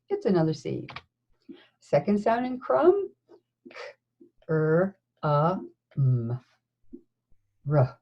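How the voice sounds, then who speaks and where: A woman teacher leading a slow, encouraging phonics lesson, sounding out words letter by letter. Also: sits low, sing-song, warm tone, breathy edge, lo-fi sound. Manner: encouraging, with praise and questions. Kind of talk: recorded classroom phonics lesson.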